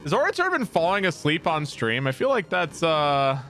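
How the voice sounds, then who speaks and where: A young man streaming a game, rambling and swearing, often laughing and breaking into loud outbursts at the game. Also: a little high, big pitch swings, normal speed. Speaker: gaming streamer. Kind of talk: casual gameplay commentary with chat.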